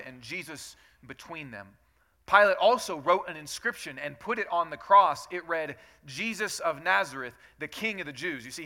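Bright-voiced man reading scripture. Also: fairly high pitch. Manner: reads scripture aloud, then explains it in plain, chatty asides. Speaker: pastor. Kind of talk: Bible reading with casual commentary. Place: church.

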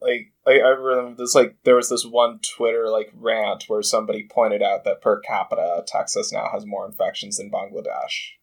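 A man chatting casually on a podcast, halting and profane, full of fillers and restarts. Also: lowish voice, level tone, creaky.

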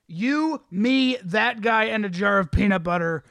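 High, gravelly-voiced wisecracking co-host, man. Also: measured pace, fairly bright tone, dry recording. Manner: sarcastic, wisecracking. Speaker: podcast co-host. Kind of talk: casual podcast chat.

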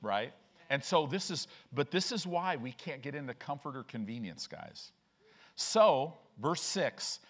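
Guy preaching a sermon in church, lots of pitch swings, keeps asking the crowd stuff. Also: measured pace, breathy edge. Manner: conversational preaching with frequent "right?" asides; lively, acts out quoted voices and reads scripture aloud. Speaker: pastor. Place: church sanctuary.

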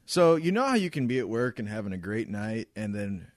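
A man in his thirties co-hosting a podcast, telling an animated, profane story about annoying customers. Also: on the low side, brisk, dry recording, studio quality. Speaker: podcast co-host.

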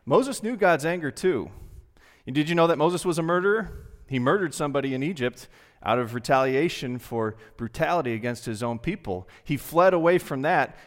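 A male pastor giving a sermon in a church, speaking earnestly and conversationally with dramatic pauses. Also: fairly high pitch. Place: church sanctuary. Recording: long reverb from a large hall.

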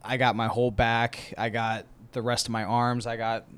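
A young man in casual chat, laid-back, swearing freely and talking in quick bursts. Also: mid-range voice, little pitch movement, a bit bright, smooth.

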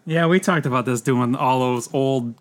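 A man's voice: medium pitch, normal speed, clear, resonant tone. A man co-hosting a casual podcast, rambling and joking at his own expense, with frequent swearing. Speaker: podcast co-host. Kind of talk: casual chat.

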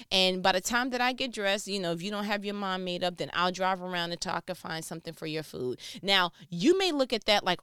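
A woman giving a motivational talk on relationships, preachy and animated, swinging from loud emphatic lines to low asides. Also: fairly quick, few pauses, smooth, no room sound, studio quality. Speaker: speaker giving relationship advice.

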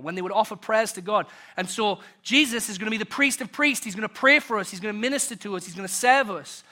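A British man preaching a sermon to his congregation. He asks rhetorical questions and swings from loud to soft. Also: high-pitched. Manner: rhetorical questions, builds and drops in volume. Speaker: pastor.

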